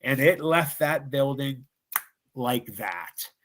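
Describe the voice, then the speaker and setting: A man's voice: mid-range voice, expressive, takes it slowly, a bit bright, slight background noise. A man from Ohio, a guest on a live show, telling a true ghost story in an earnest, dramatic way with frequent restarts.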